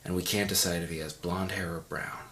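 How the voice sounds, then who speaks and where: A man's voice: sits low, fairly even intonation, fairly quick, a bit bright. A man giving a mock audio commentary in a pompous, condescending, rambling way. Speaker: commentary host.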